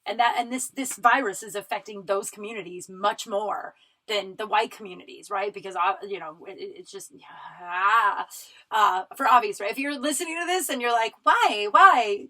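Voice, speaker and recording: A woman in her thirties from Colorado talks straight into her own podcast mic. She is casual and blunt, swears freely, and often stops and restarts her sentences. Her voice sits at an ordinary middle pitch. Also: moderate pace, sharp tone, poor audio. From Colorado, USA. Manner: profane, emphatic, with frequent fillers and restarts. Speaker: podcast host. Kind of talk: casual solo podcast monologue.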